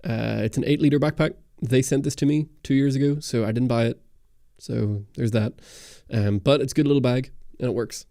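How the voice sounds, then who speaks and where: A man's voice: medium pitch, fairly quick, creaky, warm tone, no echo, clean studio sound. A young man hosting a livestream camera Q&A, chatting casually and rambling with lots of ums and restarts. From Ireland and Britain. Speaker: camera channel host. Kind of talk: livestream Q&A, reading chat. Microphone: studio dynamic mic.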